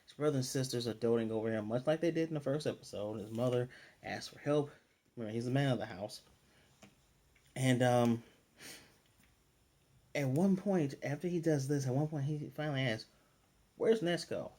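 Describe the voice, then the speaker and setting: A man talks through an anime episode in a casual, conversational recap and review, loosely paraphrasing what characters say. His medium-pitched voice is dark, at normal speed, and he pauses often, with plenty of fillers and restarts.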